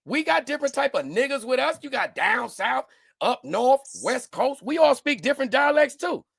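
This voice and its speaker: A man chatting casually, telling animated stories and acting out the people in them. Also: very high-pitched, moderate pace, vocal fry, breathy edge, no echo, studio quality. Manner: animated storyteller, doing voices. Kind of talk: casual chat.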